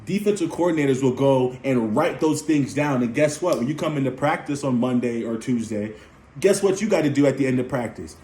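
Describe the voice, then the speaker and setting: A man's voice: medium pitch, expressive, a little fast, warm tone. A young man and former player ranting as a fan about his team's penalties, repeating points with heat and emphasis. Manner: heated, repetitive, emphatic. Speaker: sports commentator. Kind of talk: fan sports rant. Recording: roomy echo.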